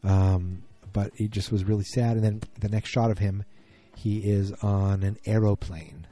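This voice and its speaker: A man's voice: on the low side, steady tone, a little slow, mellow. A man casually recapping a TV drama episode, thinking aloud and often restarting his sentences.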